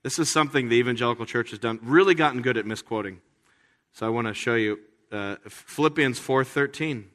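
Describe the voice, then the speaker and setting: A man preaching a sermon as a pastor, talking in a conversational way with playful, animated asides. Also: mid-range voice, a little fast, in a large hall.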